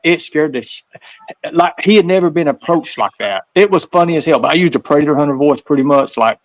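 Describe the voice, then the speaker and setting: Telling rambling, repetitive stories in a casual interview, this man from the American South uses a fairly high pitch and lively intonation, doing voices as he goes. He talks a little fast, with his Southern accent clear. The recording lacks room sound and is of poor quality.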